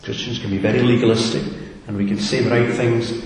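A man's voice: medium pitch, flat delivery, fast, darkish tone. A man preaching a sermon in a reflective way, often asking his listeners questions. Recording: echoey hall with long reverb, faint noise.

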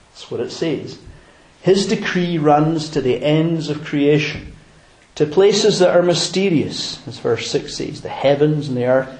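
Male pastor, sermon, slow and measured, emphatic, echoey church room. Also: fairly high pitch, a little mellow. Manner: emphatic, with slow deliberate pauses. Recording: roomy church hall.

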